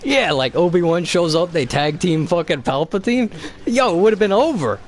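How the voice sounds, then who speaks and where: A man's voice: sits high, animated, normal speed, slight background noise. A man streaming a video game, rambling in casual chat with heavy swearing and lots of fillers.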